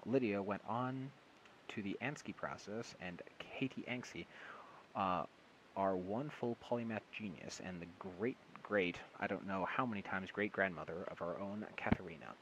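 A man reads a short story aloud in one casual take, his voice a bit low. He trips over words and corrects himself, with a light amused tone. A faint hiss sits under the recording. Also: moderate pace, lo-fi sound. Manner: stumbling, self-correcting, with amused asides. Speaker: audiobook reader.

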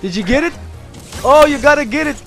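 Man, thirties, let's-play commentary, animated, sudden shouts, game music behind. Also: extremely high pitch, a little fast, creaky. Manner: animated, yelps and shouts at setbacks. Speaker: gameplay video host, dad.

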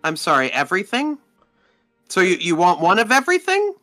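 A man's voice: sits high, huge pitch swings, fairly quick, sharp tone, soft background music, pitched above the performer's own voice, exaggerated voice. Man voicing a flustered dragonborn innkeeper woman. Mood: surprised.

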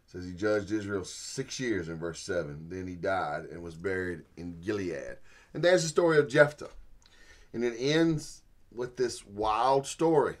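Man, Bible teacher, sermon-style, folksy storyteller, animated, lowish voice. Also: measured pace.

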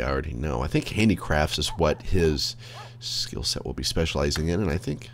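Sitting at his desk by a computer, a man streams a game, rambling to himself and swearing freely in casual commentary. His gravelly bass voice is very animated at a moderate pace, with slight background noise.

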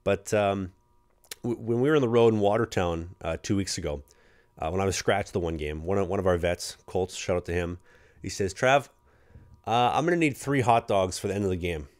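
Young man, Canadian accent, hockey podcast co-host, rapid rambling stories, lowish voice. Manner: rambling anecdotes with restarts, acting out quoted teammates. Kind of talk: casual storytelling chat.

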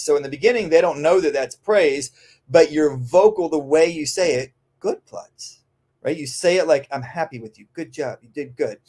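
A man who trains dogs, answering listener questions in a casual podcast, often tagging "right?" and filling pauses with "um". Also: fairly high pitch, a little mellow. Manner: conversational, frequent "um" and tag "right?". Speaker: dog trainer.

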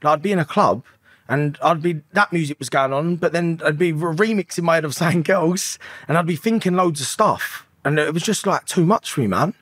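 A man's voice: a little high, fairly quick, fairly bright tone, slightly rough, no echo, clean studio sound. A man in his thirties, a podcast guest, telling his story in an emotional, rambling way and swearing often. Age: 30s. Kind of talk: candid confessional storytelling.

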